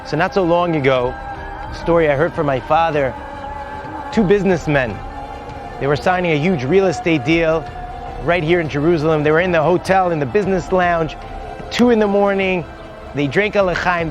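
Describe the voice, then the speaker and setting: A man's voice: a little high, normal speed, over music. A man, a rabbi, telling a heartfelt story on location outdoors at a holy site. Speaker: rabbi and guide.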